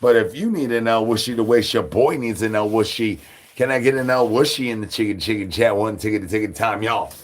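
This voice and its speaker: A man hosting a live stream, talking to chat in rapid rhyming nonsense banter. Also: on the low side. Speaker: livestream host.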